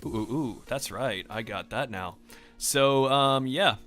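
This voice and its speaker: A man's voice: mid-range voice, slow, a bit bright, soft background music. A man from Australia rambling in a casual rant over gameplay, with strongly emphasized R sounds and a self-questioning way of talking. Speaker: gaming vlogger.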